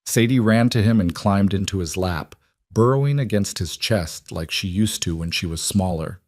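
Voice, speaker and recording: A man narrating an emotional story in a calm, measured, scripted reading. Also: low voice, no room sound, clean studio sound.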